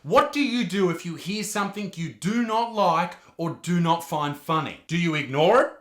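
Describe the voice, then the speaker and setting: A high-pitched, bright Australian man rants loudly and profanely straight to the camera. He is a comedian running his own channel, and his voice bounces around an echoey room. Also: normal speed. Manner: loud, profane, animated ranting. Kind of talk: ranting reaction vlog.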